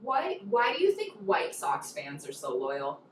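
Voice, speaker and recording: A woman co-hosting a casual hot wing interview at home, talking in an animated, ranting way. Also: deep voice, unhurried, slight background noise. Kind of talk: casual chat. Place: home room. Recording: echoey room, mic far off.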